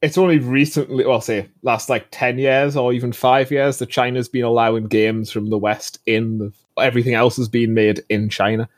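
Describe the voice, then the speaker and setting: Male co-host, mid-pitched, rambling and sardonic, heavy on fillers. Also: steady tone, normal speed, few pauses. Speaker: podcast co-host. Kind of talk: casual chat.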